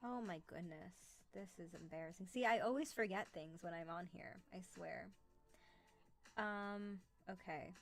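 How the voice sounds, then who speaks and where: A woman's voice: on the low side, measured pace, creaky, faint music behind. Chatty woman live-streaming casually. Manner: chatty, rambling, with many fillers.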